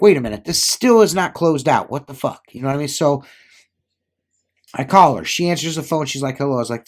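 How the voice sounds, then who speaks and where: A middle-aged window cleaner chatting casually, rambling with lots of fillers and acting out the lines of people in his story. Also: a little high. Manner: rambling, filler-heavy, acts out quoted dialogue.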